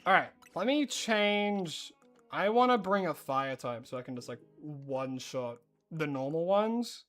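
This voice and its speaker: Excitable Australian streamer, lively pitch. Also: a little slow, faint music behind. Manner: chatty and rambling, bursts into excited disbelief. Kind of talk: casual live-stream chat while gaming.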